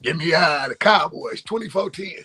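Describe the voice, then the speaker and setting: A man's voice: fairly high pitch, moderate pace, pushed and bright, slightly rough, soft background music. A man co-hosting a casual sports talk show, playfully boasting and trash talking to the audience.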